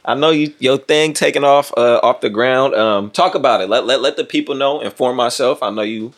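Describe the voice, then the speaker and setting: A man's voice: medium pitch, a little fast. A young man hosting a podcast in a studio, chatting loosely in slang with plenty of swearing. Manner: loose slangy banter with profanity. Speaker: podcast host. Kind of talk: casual podcast chat.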